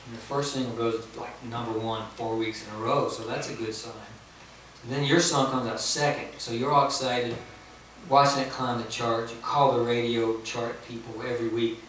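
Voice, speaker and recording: A man's voice: medium pitch, flat delivery, moderate pace, a bit bright, slight background noise. A man, a singer-songwriter, telling a self-mocking story between songs at a house concert and laughing at his own jokes. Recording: echoey room from far off, guitar. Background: acoustic guitar.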